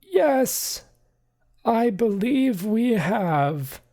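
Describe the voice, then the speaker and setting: A woman voicing a flustered, stiffly formal older man with a cane, speaking in strained, clipped formality, pitched well above her own voice. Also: big pitch swings, extremely slow, dark tone, heavily acted. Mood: stiffly polite.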